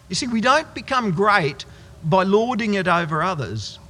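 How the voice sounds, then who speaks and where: A man preaching a sermon as pastor, emphatic and slowing down hard on key words, in a church hall. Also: high voice, sing-song, sharp tone.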